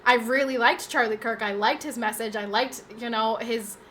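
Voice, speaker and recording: A young adult woman streams from home, her voice on the high side with a steady, fairly bright tone and a moderate pace. She chats casually with viewers in a live stream, talking straight to chat with plenty of fillers and restarts. Slight background noise is audible.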